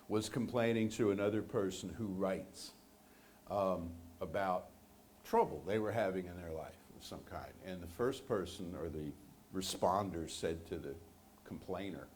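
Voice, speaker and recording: A man's voice: deep voice, darkish tone, a little hiss or hum. A man preaching a sermon to a congregation, speaking conversationally and with animation, joking with his listeners. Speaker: minister. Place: church sanctuary.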